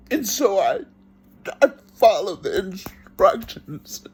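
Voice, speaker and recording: A man giving an earnest first-person testimony, telling it slowly and reenacting his own pleas. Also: high-pitched, very animated, breathy edge. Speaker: vlogger.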